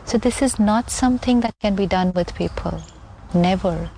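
Earnest woman teaching calmly. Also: mid-range voice, moderate pace, a little hiss or hum. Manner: calm, earnest, repeats key phrases for emphasis. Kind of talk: conversational teaching.

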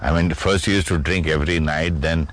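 A man with a very low voice chats candidly, sharing personal stories with a self-deprecating touch as he hosts the conversation. Faint noise sits under the recording. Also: fairly even intonation, quick pace. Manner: chatty, self-deprecating, anecdotal. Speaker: interviewer. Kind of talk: casual conversation.

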